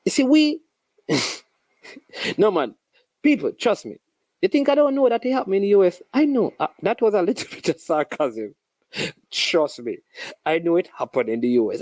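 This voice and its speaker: A host with a Jamaican accent giving an animated, sarcastic casual commentary monologue with local phrases. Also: mid-range voice, no echo.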